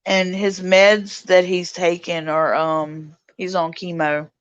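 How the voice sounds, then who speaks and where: A woman hosting a casual livestream chat, reading out viewer comments and answering them warmly. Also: lowish voice, level tone, slow, clean tone, no echo, lo-fi sound. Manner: warm, reads out viewer comments and greets chatters. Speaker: livestream host.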